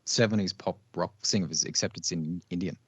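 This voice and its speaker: A man with an Australian accent, a vocal coach, chatting in a relaxed, agreeable way and often chiming in. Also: low voice, husky, no echo. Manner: relaxed, agreeable, with quick affirmations. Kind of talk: casual chat between vocal coaches.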